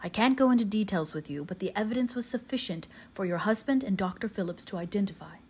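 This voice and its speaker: A woman reading the lines of a gentle older English colonel who speaks quietly and gravely, like a doctor. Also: mid-range voice, expressive, quick pace, slight background noise, natural voice.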